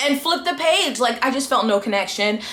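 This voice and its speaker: A woman's voice: on the high side, lively intonation, a little fast, fairly bright tone, roomy sound. A woman giving an exasperated, casual book review rant and acting out the characters' lines along the way.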